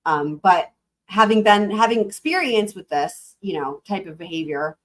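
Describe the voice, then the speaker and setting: Brief: woman streamer, mid pitch, loose rambling commentary full of "like" and "right?", addressing chat. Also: expressive, normal speed. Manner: rambling, frequent fillers, talks to chat. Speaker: livestream host. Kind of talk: casual live commentary.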